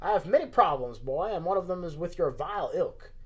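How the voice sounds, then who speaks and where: A man voicing a gruff old man of action in a Southern accent, stern and drawling. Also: on the high side, animated, fairly quick, a little mellow.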